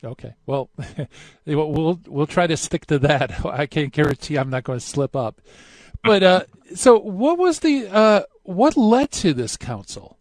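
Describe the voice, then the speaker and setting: Chatty radio host, slightly high voice. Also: male voice, animated, measured pace, no room sound. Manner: hesitant, many fillers, chatty. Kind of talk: casual call-in radio interview.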